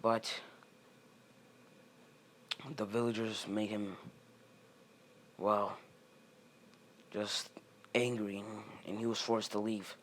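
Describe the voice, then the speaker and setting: Brief: low-voiced young man rambling through a fan fiction story, faint hiss behind. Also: flat delivery, a bit bright. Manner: rambling, halting, many fillers and restarts. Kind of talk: improvised fan fiction narration.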